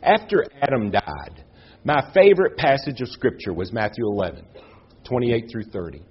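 Earnest husky-voiced male preacher. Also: big pitch swings, dull audio. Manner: earnest, with dramatic pauses and rises in pitch. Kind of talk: sermon.

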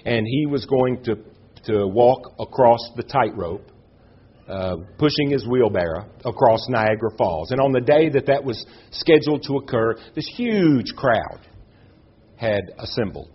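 A man delivers a sermon with earnest conviction, pausing for effect and pushing his voice up on key questions. His voice has a husky edge, and the recording sounds slightly dull and muffled. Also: lively intonation. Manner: earnest, with dramatic pauses and rises in pitch. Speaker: preacher.

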